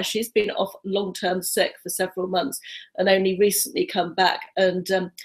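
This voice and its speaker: Woman, 50s, webcam vlogger; jittery, breathless, rambling chat with plenty of fillers. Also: medium pitch. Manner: nervous, rapid, chatty with many ums. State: slightly out of breath. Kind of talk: casual live-stream haul chat.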